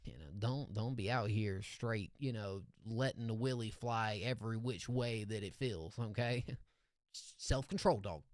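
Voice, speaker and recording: A man's voice: on the low side, unhurried, no echo. Chill guy streamer reacting to songs, slangy, keeps saying dog, dry close mic. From California. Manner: laid-back slangy banter, calls people dog. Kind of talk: casual stream commentary.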